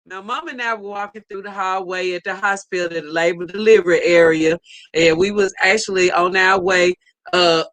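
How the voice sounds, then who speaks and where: A woman's voice: mid-range voice, a bit bright. A middle-aged woman, animatedly telling a story in casual chat with playful teasing. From United States. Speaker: co-host.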